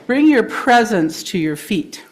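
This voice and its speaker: A woman with a mid-range voice addresses a congregation, leading a breathing and grounding exercise in a gentle, encouraging way. She laughs easily and warmly invites people to join in. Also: mid-range voice, big pitch swings, measured pace. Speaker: guest speaker. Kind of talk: guided breathing exercise in a talk. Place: congregation hall.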